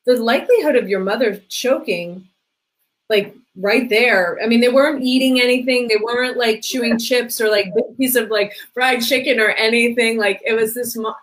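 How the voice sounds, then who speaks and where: A woman's voice: a little high, normal speed, rough recording. A middle-aged woman talking casually as a guest about parenting, chatty, with many "like" fillers, briefly acting out the people she quotes. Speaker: podcast guest, parenting coach. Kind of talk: casual conversation.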